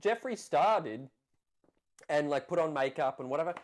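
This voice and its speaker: Jokey animated podcast man. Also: fairly high pitch, moderate pace. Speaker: podcast co-host. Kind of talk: casual chat.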